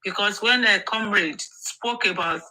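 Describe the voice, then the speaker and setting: A woman joining an online discussion as a caller, hesitant and slow to get going. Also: mid-range voice, pushed and bright, low-quality recording.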